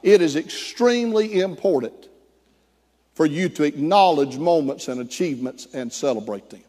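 A slightly high-voiced male pastor preaches to his congregation, telling stories with animated, acted-out voices. His voice rings with the long reverb of a large church hall. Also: normal speed. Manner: animated, acts out quoted voices. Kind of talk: sermon storytelling.

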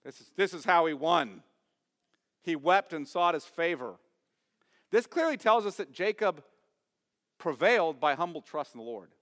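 A man preaching a sermon as pastor, emphatic, asking his congregation questions and swinging from loud stress to quiet asides. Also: a little high, animated, normal speed, long pauses, big-room sound. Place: church sanctuary.

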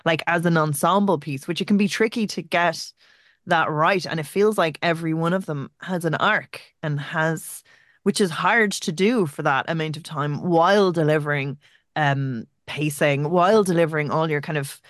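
A woman's voice: low-pitched, normal speed, no echo. Woman hosting a podcast, gushing and upbeat, dry close sound. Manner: enthusiastic, effusive. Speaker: podcast host, interviewer. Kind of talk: casual interview talk.

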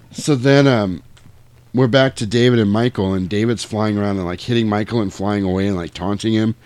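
Recounting a film's plot scene by scene, this man speaks in a fairly low voice at a moderate pace with no echo. His casual storytelling is animated, and he swears freely while performing the characters' lines.

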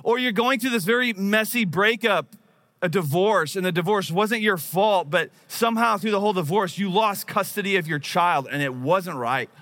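A man's voice: high-pitched, normal speed, a bit bright. A man in his thirties preaching a sermon, telling a personal story in a conversational, self-deprecating way. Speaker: pastor.

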